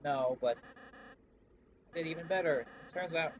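A man voicing an excitable, childish boy prince who sounds high-pitched, pleading and eager, with game music behind. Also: normal speed, lo-fi sound, background noise, natural voice.

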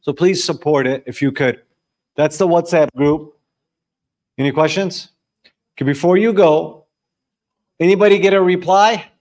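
A young man leading a live group discussion before an audience in a room, telling stories and questioning the room in an animated way. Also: fairly high pitch, normal speed, long pauses. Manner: animated, storytelling, quizzing the audience. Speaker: discussion leader.

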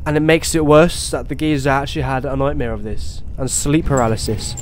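A young man playing a horror game, talking to himself and swearing, with sudden excited outbursts. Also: medium pitch, a little fast, slight background noise. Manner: swears, talks to himself, swings between muttering and excited outbursts. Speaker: gaming YouTuber. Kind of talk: horror game let's play commentary.

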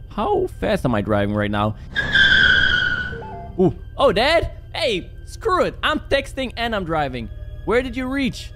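A man doing joking, animated play-by-play commentary while playing a horror game. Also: medium pitch. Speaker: gaming YouTuber.

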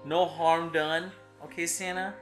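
A playful father comments on a video game with his son, cracking jokes and laughing often. The recording sounds roomy and echoey, with background music running clearly behind him. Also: fairly high pitch, flat delivery, a little slow. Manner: jokey, teasing, laughs a lot. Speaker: father co-hosting a gameplay video.

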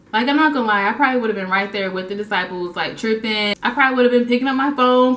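Woman, casual faith vlogger, animated storytelling, echoey room. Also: on the high side, quick pace, few pauses. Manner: playful, acts out scenes with funny voices. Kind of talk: casual devotional talk. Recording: roomy echo.

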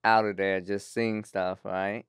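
A young man, telling a story on a podcast in a halting, laid-back way full of fillers. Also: fairly low pitch, flat delivery, clean tone, no room sound, studio quality. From Texas. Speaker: comedian and rapper, podcast guest.

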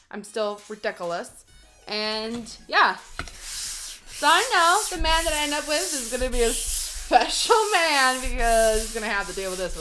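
A woman's voice: on the high side, pushed and bright. A woman in her thirties chatting casually and bubbly to her live stream while baking at home. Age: 30s. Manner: bubbly, giggly, rambling.

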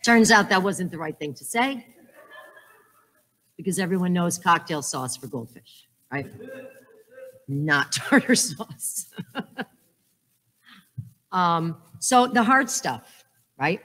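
A woman in her fifties tells funny stories to a conference crowd, tagging her points with a quick "right?". Her voice sits a little low. The sound rings with the long reverb of a large hall. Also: lively intonation, a bit bright. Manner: joking storyteller, frequent "right?". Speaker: conference speaker. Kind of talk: humorous talk.

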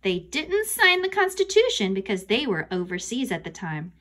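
A woman voicing an excitable grown man hosting a school quiz, announcing in a bouncy way. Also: mid-range voice, normal speed. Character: excitable adult male quiz host.

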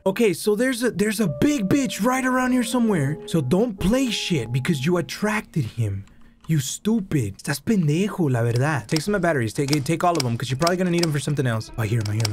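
Jumpy Mexican man, animated gameplay commentary. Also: fairly high pitch, fast, over music. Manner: jumpy, shrieks when startled, swears and switches between languages. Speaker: gaming host. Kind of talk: excitable horror gameplay commentary.

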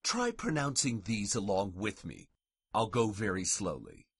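A man with a low, husky voice teaches a Latin lesson, his pitch rising and falling a lot. He recites verse slowly and deliberately so learners can follow. The sound is dry and close. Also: wildly swooping pitch, no room sound. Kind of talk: recorded language lesson.

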